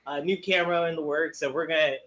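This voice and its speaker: A man's voice: a little high, steady tone, quick pace, fairly bright tone. A man hosting a casual stream, chatting freely and laughing easily. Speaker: streamer host.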